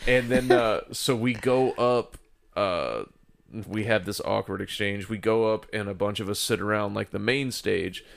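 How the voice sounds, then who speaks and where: A man's voice: lowish voice, a little slow, creaky. Rambling man laughing through a story. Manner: rambling, laughing, profane, full of fillers. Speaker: podcast host telling a story. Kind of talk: casual storytelling chat.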